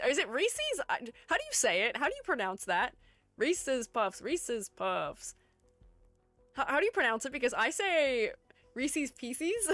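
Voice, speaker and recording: Woman streamer, bright-pitched and very animated, playful chat with viewers, dry close mic. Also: dry recording. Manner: chatty and playful, reading chat aloud and answering it. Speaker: streamer ranking game character designs. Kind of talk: casual livestream chat, greeting viewers.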